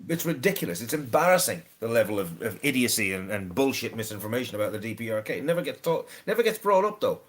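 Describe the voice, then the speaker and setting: Guy going off on a rant, swears a lot, trips over his words, middle pitch. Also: big pitch swings, fast talker, few pauses. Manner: swears freely, stammers and repeats words. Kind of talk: casual ranting chat.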